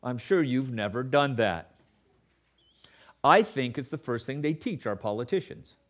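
A man preaching a sermon as pastor, animated and sarcastic, acting out the excuses of others. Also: mid-range voice, a little slow. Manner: animated, acts out quoted voices with sarcasm.

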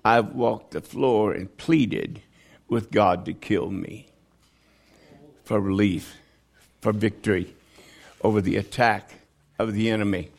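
Slow, gravelly-voiced man preaching. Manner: animated, swings from low and quiet to loud high pleas; acts out quoted voices within the sermon. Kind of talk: sermon.

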